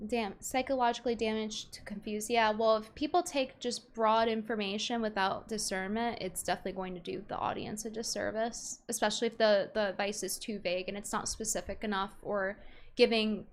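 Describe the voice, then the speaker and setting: A woman's voice: medium pitch, steady tone, brisk. A young woman streamer chatting casually, reading viewer messages aloud and reacting bluntly.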